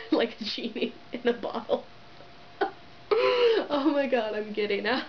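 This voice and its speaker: A woman's voice: a little high, takes it slowly, slight background noise. A young woman telling a story to her camera in a giddy, giggly way, gushing and full of "like" fillers, on dull lo-fi camera audio. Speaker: vlogger. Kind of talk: excited casual storytelling to camera.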